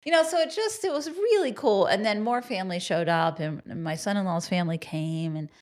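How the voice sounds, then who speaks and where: A woman's voice: mid-range voice, lively intonation, a little fast, a little mellow. A woman co-hosting a podcast, chatting casually and reflectively, often trailing off mid-sentence. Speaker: podcast co-host. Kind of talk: casual chat.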